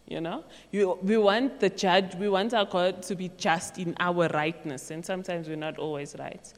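A woman's voice: fairly low pitch, normal speed, few pauses. Chatty woman speaking in a reverberant hall. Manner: chatty, animated, acts out quotes and laughs. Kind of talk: casual youth talk on faith. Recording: long echo in a large hall.

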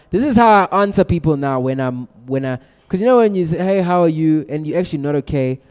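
High-voiced man rallying a crowd. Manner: energetic, rallying the audience. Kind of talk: motivational talk to a crowd. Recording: long hall reverb.

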